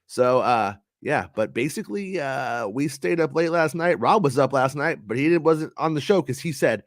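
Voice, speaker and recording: A man's voice: mid-range voice, lively intonation, normal speed, dry recording, clean studio sound. A man hosting a podcast in a loose, chatty way, trailing into fillers and restarting his sentences. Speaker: podcast host. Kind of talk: casual podcast chat.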